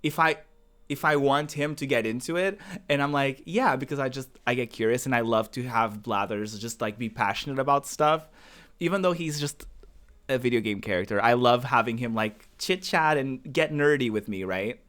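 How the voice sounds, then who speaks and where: This is a casual game-stream ramble from a Southern American man who keeps restarting his thoughts and talking back to chat as he plays. His mid-range voice is fairly bright, and he speaks at a moderate pace.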